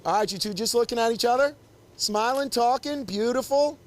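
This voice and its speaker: A wedding photographer poses a couple in a cramped indoor space, teaching as he goes in a live demonstration. His voice is extremely high and a little fast, and he stays upbeat and coaxing as he directs them constantly.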